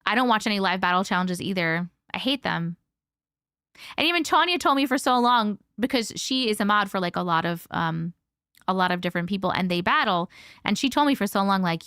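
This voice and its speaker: A woman's voice: mid-range voice, lively intonation, fairly quick, a bit bright, clean tone, no room sound, studio quality. A woman hosting a live stream, chatting casually and rambling, swearing freely and thanking viewers by name as she reads their comments. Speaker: host of a live stream reading viewer stories.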